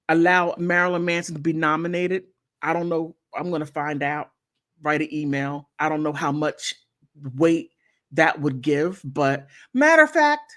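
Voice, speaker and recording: A woman hosting her own channel, talking casually while she browses online, thinking aloud with many restarts. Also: fairly low pitch. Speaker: channel host.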